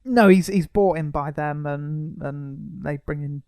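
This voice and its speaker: A man's voice: a little high, a little slow, creaky, a little mellow, clear, resonant tone, no echo. A man co-hosting a casual film review chat, wry and sarcastic. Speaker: podcast co-host.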